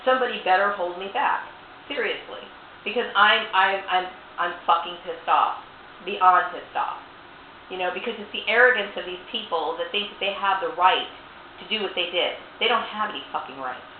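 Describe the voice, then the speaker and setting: A woman's voice: mid-range voice, fairly quick. A woman ranting indignantly to camera, swearing and repeating "you know" as she airs her grievances. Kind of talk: angry personal rant to camera. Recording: tinny phone-like sound, echoey room, faint hiss.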